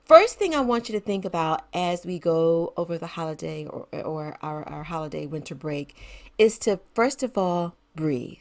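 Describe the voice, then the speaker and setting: A woman's voice: lowish voice, expressive, moderate pace. Woman podcast host, middle-aged, chatty and encouraging, laughs easily. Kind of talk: casual solo podcast talk.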